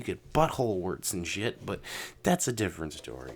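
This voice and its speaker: A man hosting a casual podcast, ranting with lots of swearing, jumping between loud outbursts and low mutters. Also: very animated, moderate pace, husky. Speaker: podcast host.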